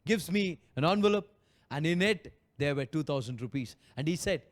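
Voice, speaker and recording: A man's voice: fairly high pitch, animated, moderate pace. A man preaching a sermon as pastor, telling a personal story with passion and acting out prayers and quotes.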